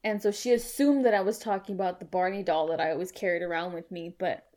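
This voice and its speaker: A woman's voice: fairly low pitch, fairly even intonation, fast, dark tone. A woman co-hosting a casual movie podcast, gushing about a film with lots of fillers and swearing. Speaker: podcast co-host.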